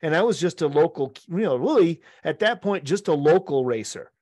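A middle-aged man, a podcast co-host, telling an animated story among friends, laughing often and acting out the quotes. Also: fairly high pitch, brisk, dry recording, clean studio sound.

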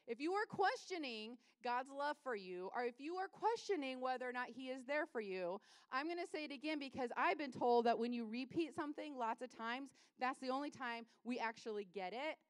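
A woman pastor giving a lively, self-deprecating sermon, repeating lines for emphasis. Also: high voice, clean tone, no echo.

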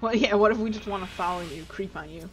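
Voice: mid-range voice, fast, over music, rough recording. A streamer chatting and joking with friends while playing an online game. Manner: teasing, joking. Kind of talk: casual chat while gaming.

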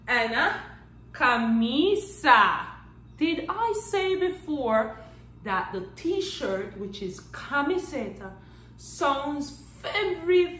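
A woman teaching a children's Spanish lesson in a playful, animated way. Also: sits high, reverberant, recorded from a distance, low-quality recording. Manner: animated and playful, claps out syllables, counts down magic tricks.

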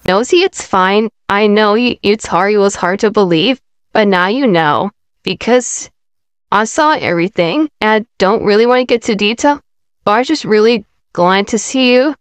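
A woman playing a kind young female friend who gently reassures someone in a casual fan roleplay. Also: mid-range voice, moderate pace, smooth, no room sound, lightly acted. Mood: reassuring.

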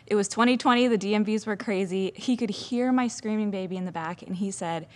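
A woman's voice: mid-range voice, brisk, hardly any pauses. A young adult woman, a children's pastor, giving an earnest, chatty devotional talk full of casual fillers.

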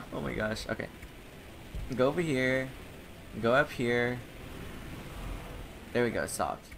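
A man's voice: medium pitch, takes it slowly, vocal fry, pauses often, background noise. A young man giving casual let's-play commentary, often frustrated and swearing, laughing at himself. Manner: frustrated, swearing, self-mocking. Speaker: gaming channel host. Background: game music.

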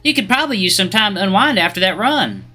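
A man's voice: sits high, sing-song, fast, sharp tone, soft background music, voice pushed up, full character voice. Man voicing a sugary, catty young woman. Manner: sugary, condescending. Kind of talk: video game dialogue read aloud.

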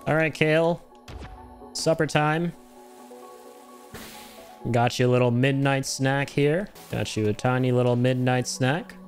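A man streaming a video game, reacting loudly to his chat, swearing, laughing and yelping in surprise. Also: a little slow, pauses often, faint music behind. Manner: excitable, swears, frequent laughs and sudden high yelps.

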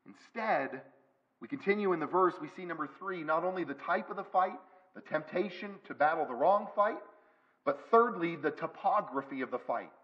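A man preaches a sermon in a church, pressing his points with repeated phrases. His voice sits high for a man. The recording is dull and lo-fi. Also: lively intonation, normal speed. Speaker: pastor. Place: church sanctuary.

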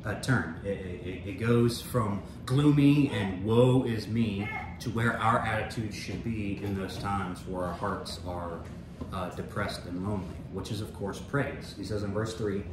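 A man's voice: lowish voice, a little slow, background noise. A man leading a small-group Bible lesson, speaking earnestly and unhurriedly, with fillers and restarts. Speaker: Bible study leader. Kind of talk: informal Bible teaching.

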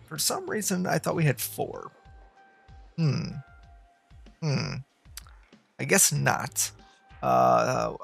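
Gravelly-voiced man chatting through a game. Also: medium pitch, fairly bright tone. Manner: thinking aloud, chatting to the game's students. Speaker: let's play host. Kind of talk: casual gameplay commentary.

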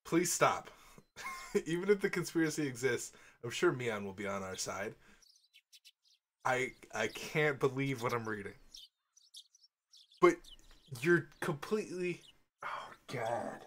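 A man's voice: mid-range voice, expressive, takes it slowly, long pauses, a bit bright, a little hiss or hum. A man reading a visual novel aloud and breaking into exasperated, swearing outbursts, with faint game music behind. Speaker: let's play host.

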